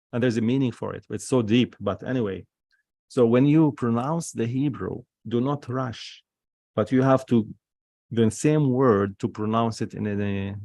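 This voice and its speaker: Slow, gravelly-voiced male Hebrew teacher. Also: mid-range voice, darkish tone, no echo, studio quality. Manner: patient, careful, sounds words out syllable by syllable; repeats points for emphasis. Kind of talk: online Hebrew reading lesson.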